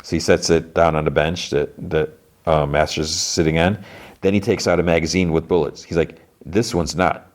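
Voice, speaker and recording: This man hosts a podcast, and his pitch is extremely low and level as he moves along fairly quickly. He's casually going over a TV episode, performing bits of dialogue while retelling scenes.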